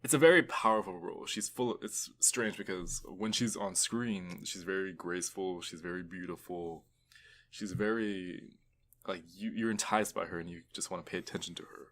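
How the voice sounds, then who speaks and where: Young male podcast co-host, slightly low voice, rambling casual banter. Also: normal speed, a bit bright, slight background noise. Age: young adult. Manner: enthusiastic, rambling with restarts. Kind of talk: casual chat.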